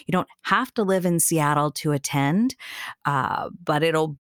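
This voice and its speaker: Low-voiced woman co-hosting a casual podcast. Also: measured pace, clean tone, no echo, studio quality. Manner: chatty, enthusiastic, laughs often. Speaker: podcast co-host.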